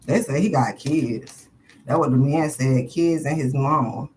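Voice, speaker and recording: A woman's voice: rumbling low, a little slow, darkish tone, a little hiss or hum, rough recording. A woman doing a casual live tarot reading, talking bluntly to her viewers with lots of swearing and frequent laughter. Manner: profane, blunt and chatty with viewers; laughs often between questions. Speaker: tarot card reader. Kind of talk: casual live-stream chat.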